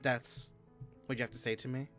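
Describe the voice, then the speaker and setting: A man's voice: medium pitch, little pitch movement, moderate pace, fairly bright tone, faint music behind, lightly acted. A man voicing a doting but stern older mother who scolds her grown son in a fantasy game. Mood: reproachful. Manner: scolding, imperious.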